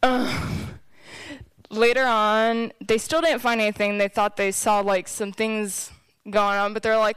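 A woman's voice: fairly high pitch, flat delivery, a little slow, a bit bright, clear, resonant tone, no room sound. A young woman giving a candid, emotional personal testimony to a church group.

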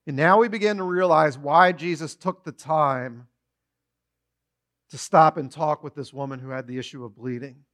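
A man preaching a sermon, retelling a story with animated storytelling and short acted-out quotes. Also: a little high, moderate pace.

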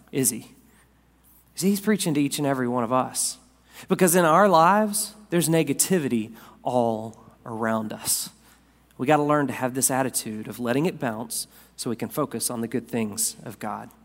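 A man preaching a sermon as pastor, swinging from loud, raised lines down to quiet, soft ones. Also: medium pitch. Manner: dynamic preacher, rising loud then dropping soft. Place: church sanctuary. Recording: long hall reverb.

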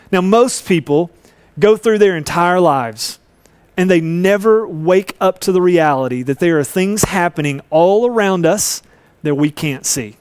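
A man's voice: high-pitched, unhurried, clean tone, dry recording. A man preaching a sermon, earnest and storytelling, acting out voices in a Bible story. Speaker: pastor.

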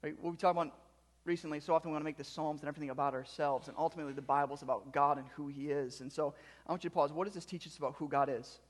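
Male pastor, high voice, quiet reflection rising to loud, emphatic preaching, long hall reverb. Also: steady tone, rapid-fire. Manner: interacts with the congregation. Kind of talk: sermon.

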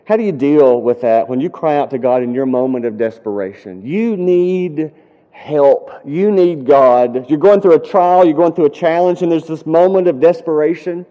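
At a moderate pace, a pastor with a slightly high voice preaches, sharing a story in earnest before climbing into impassioned, pleading prayers. Dull sound and a long hall reverb mark the recording.

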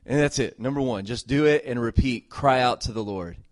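A middle-aged man preaches as a pastor, his voice sitting at an ordinary pitch for a man. He is earnest and emphatic, repeating phrases as he presses a point, then drops to soft, tender talk. The sound is dry and close, with no room echo. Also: a little fast. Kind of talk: sermon.

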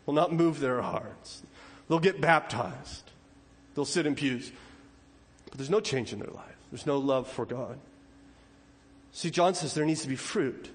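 A man preaching a sermon as pastor, swinging between loud urgent warnings and quiet pleading. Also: on the high side.

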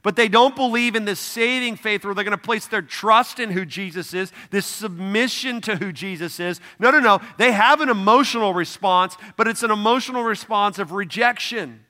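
A man's voice: high voice, normal speed, few pauses, bright, forceful tone. A man preaching a sermon as pastor, conversational and emphatic, asking his congregation questions. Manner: emphatic, repeats "no, no, no".

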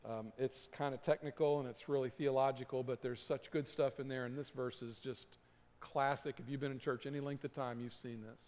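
A man's voice: mid-range voice, steady tone, a little fast. Preaching man in a reverberant hall. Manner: preaching with swells from hushed to emphatic. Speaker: pastor. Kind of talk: sermon.

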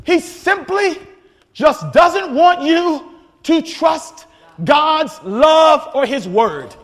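A man preaching a sermon, energetic and often shouting, with frequent repeats and restarts. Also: extremely high pitch, extremely slow. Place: church sanctuary. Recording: long hall reverb, faint congregation.

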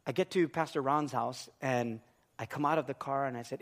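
A man's voice: medium pitch, brisk. A man preaching a sermon, telling a humorous personal story and acting out both sides of the dialogue. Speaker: pastor.

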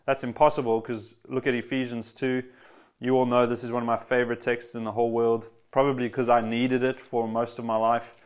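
A man's voice: mid-range voice, flat delivery, fairly quick, smooth. Man, pastor mid-sermon; eager, emphatic delivery that hammers repeated phrases. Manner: eager, addresses congregation directly. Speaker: preacher.

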